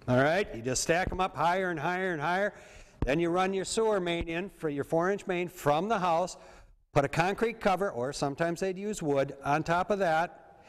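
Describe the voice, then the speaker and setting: A man's voice: high-pitched, a little hiss or hum. Man lecturing in an echoing hall. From Minnesota. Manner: conversational, often checks in with the audience. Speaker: presenter on septic systems. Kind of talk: informal lecture to an audience. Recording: long reverb of a hall.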